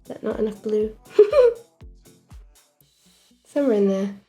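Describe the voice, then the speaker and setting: Unhurried English woman, Essex-Midlands mix. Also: mid-range voice, soft background music. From England. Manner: relaxed and hesitant, with frequent ums and trailing phrases. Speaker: animator streaming her work. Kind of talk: casual livestream chat while working.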